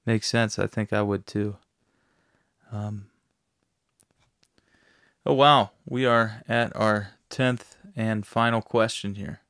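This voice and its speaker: A quiet male podcast host working through his questions in a measured, even way. His voice sits a little low and sounds smooth and clear on a dry, close mic. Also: no room sound. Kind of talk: casual podcast interview.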